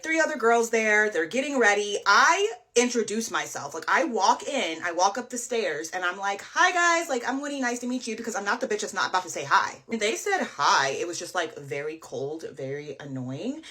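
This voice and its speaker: A young woman telling a dating story casually, chatty and animated, acting out quotes. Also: lowish voice.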